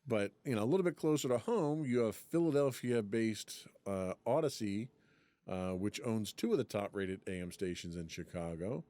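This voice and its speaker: Podcast co-host, male, animated delivery, dry recording, reads stats between jokes. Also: fairly low pitch, normal speed, dry recording. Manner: chatty, laughs often, reads from an article. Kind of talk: casual podcast chat.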